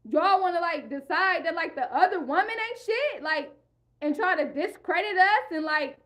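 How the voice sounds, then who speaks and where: A woman's voice: very high-pitched, lively intonation, normal speed, fairly bright tone. A young woman vlogger in a heated, profane rant, repeating herself and speaking in an African American English style. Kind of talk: ranting monologue.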